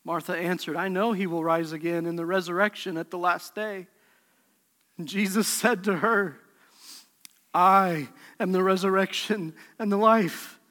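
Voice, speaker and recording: Pastor, male, high bright voice, passionate sermon delivery, long reverb of a large church hall. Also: steady tone, a little slow. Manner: impassioned preaching, swings from soft to shouting.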